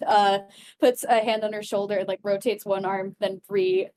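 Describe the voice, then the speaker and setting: A woman's voice: mid-range voice, level tone, normal speed, darkish tone, slight background noise. A young woman playing a tabletop game, chatty and giggly, narrating her character's actions. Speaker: player. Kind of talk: tabletop role-play, in and out of character.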